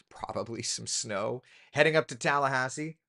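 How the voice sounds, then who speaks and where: A man, a TV meteorologist, chatting casually through the weather, relaxed and talkative with asides and fillers. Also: medium pitch, unhurried, gravelly. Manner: relaxed, chatty, thinking aloud with ums and asides.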